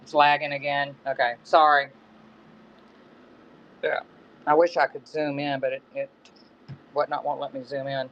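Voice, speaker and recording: A middle-aged man chats casually while hosting a live-stream auction from his home in the woods, wandering off and correcting himself. His voice is on the high side and a bit bright, with little pitch movement, normal speed and frequent pauses. The phone stream is dull and lo-fi, with faint background noise.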